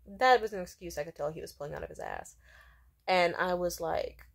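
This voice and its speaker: A woman's voice: fairly low pitch, big pitch swings, moderate pace, vocal fry. Young woman, vlog storytime, casual and blunt, swears freely, indignant, lots of fillers. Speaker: vlogger.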